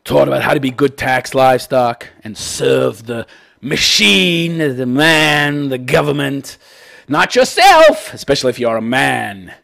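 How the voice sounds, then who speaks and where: The host of a call-in commentary show rants sarcastically and profanely about a listener's letter, repeating "wait, wait." His medium-pitched voice is sharp with vocal fry and moves a little slowly.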